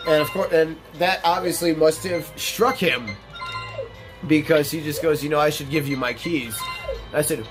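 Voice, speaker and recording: Young male gaming host, slightly higher voice, profane storyteller, loud game music underneath. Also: moderate pace. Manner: blunt, profane, animated retelling with quoted dialogue. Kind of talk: casual storytelling over gameplay.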